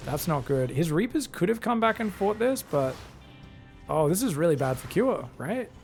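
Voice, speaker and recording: Gravelly male game caster, chatty play-by-play. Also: a little high, normal speed, faint music behind. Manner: casual, chatty, bursts into loud excited yelling. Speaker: esports caster. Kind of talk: solo play-by-play game commentary.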